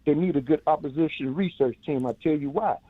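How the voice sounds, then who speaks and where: A man's voice: on the high side, a little fast, no echo. Man on a tinny phone line. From Chicago, US. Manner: earnest, direct, plain-spoken. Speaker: caller. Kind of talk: call-in political commentary.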